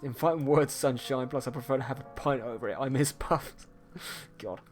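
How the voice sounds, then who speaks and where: A man's voice: medium pitch, normal speed, faint music behind. A man from England, chatting casually with his livestream viewers, teasing and swearing with a laugh. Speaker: streaming artist.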